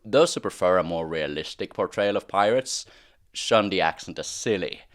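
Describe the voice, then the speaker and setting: A man's voice: deep voice, expressive, normal speed, no room sound, studio quality. A man hosting a history explainer, talking in a casual, wry way with the odd "uh". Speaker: history channel host. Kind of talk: explainer narration.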